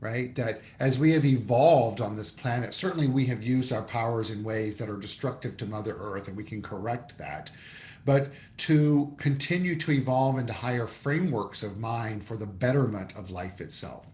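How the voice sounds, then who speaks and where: A man's voice: medium pitch, normal speed, a little mellow. A man, a minister, giving an earnest, explanatory conversational sermon. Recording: echoey room.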